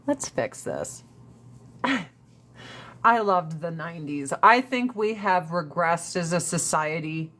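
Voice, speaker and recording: A woman's voice: lowish voice, slow pace, fairly bright tone. A woman in her forties chatting casually with viewers on a livestream, brash and profane, ranting and laughing often. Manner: laughs often between lines.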